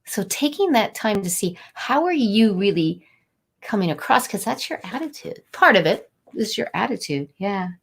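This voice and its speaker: A middle-aged woman talking warmly and a little rambling as she encourages viewers during a live motivational stream. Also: medium pitch, big pitch swings, normal speed, husky. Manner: warm, encouraging, rambling and conversational. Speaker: angel card reader and inspirational host.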